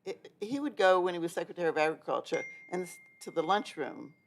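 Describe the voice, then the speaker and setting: A woman's voice: on the low side, animated. Chatty older woman telling a story. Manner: chatty storyteller, brisk and informal. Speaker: interviewer and host. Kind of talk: casual conversational interview.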